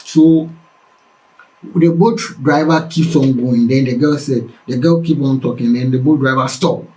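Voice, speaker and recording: A man's voice: medium pitch, unhurried, darkish tone, low-quality recording. A man retells a news story informally, with asides and dramatic repetition.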